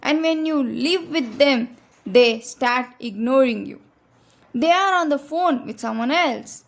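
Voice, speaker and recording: Woman, high-pitched, religious advice talk, earnest, direct, repeats key points. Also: measured pace, creaky. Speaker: Islamic speaker.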